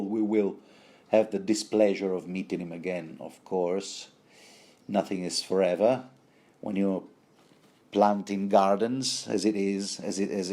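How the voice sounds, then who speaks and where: Man, book commentary, hesitant and playful, mellow dark tone, lowish pitch. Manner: hesitant, many fillers, self-correcting, playful asides.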